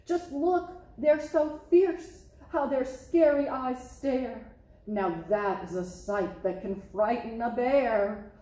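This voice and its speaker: A woman's voice: fairly high pitch, slow, dark tone. A woman voicing a big, confident father bear who reassures his cub in a bluff way, recorded in an echoey room. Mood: alarmed.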